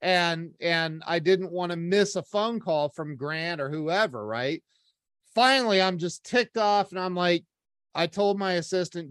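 A man telling a personal story in a casual, animated way, acting out the voices of the people in it. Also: high-pitched, unhurried, smooth, dry recording, studio quality. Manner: animated, acts out quoted voices, many restarts.

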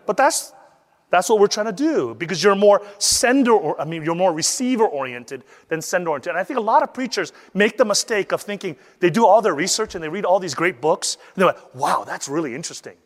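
A man teaching how to deliver a sermon, lively and acting out the voices he quotes. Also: high voice, fairly quick, big-room sound. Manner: animated, acts out quoted voices. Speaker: preaching instructor.

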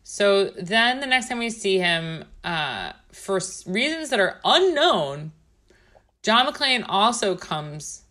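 A woman's voice: medium pitch, very animated, takes it slowly, fairly bright tone. A woman co-hosting a podcast in casual chat, talking loosely with swearing, laughs and quoted movie lines. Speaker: podcast co-host.

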